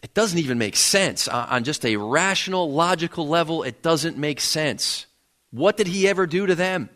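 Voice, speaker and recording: A man delivering a sermon in a church sanctuary, his voice sitting a little high for a man. He speaks earnestly and often repeats words as he builds toward a point. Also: expressive, moderate pace, a bit bright. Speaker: pastor.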